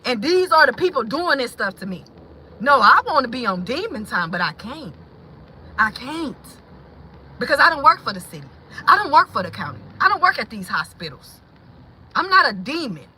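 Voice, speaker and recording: A woman hosting a livestream, venting bluntly with swearing, shifting between heated outbursts and quiet moments and greeting viewers in the chat. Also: high-pitched, big pitch swings, normal speed, slight background noise, poor audio. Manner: blunt and profane, swings from heated to hushed. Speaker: livestream host.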